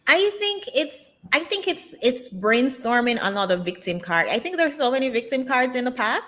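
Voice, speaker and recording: A woman's voice: high-pitched, sing-song, moderate pace, sharp tone. A woman being interviewed who speaks candidly and with strong opinions, using lots of um's and likes. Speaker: interview guest. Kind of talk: casual interview chat.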